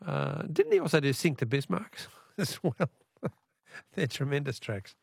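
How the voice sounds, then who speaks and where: A man's voice: on the high side, very animated, measured pace, creaky, husky, no echo, clean studio sound. An Australian man hosting a radio talkback quiz in a chatty, friendly way, with frequent fillers.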